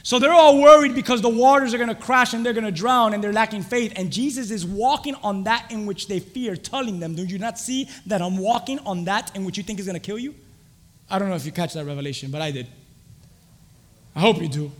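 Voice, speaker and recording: A young adult man preaching a sermon, quizzing the congregation with fill-in-the-blank questions and rising to shouts. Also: sits high, brisk, big-room sound. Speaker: pastor.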